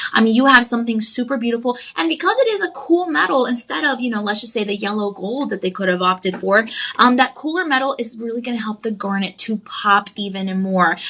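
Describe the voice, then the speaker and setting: A woman's voice: on the high side, sharp tone. A woman hosting a live shopping channel jewelry sale, gushing and chatty as she talks straight to viewers. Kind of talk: live jewelry sales pitch.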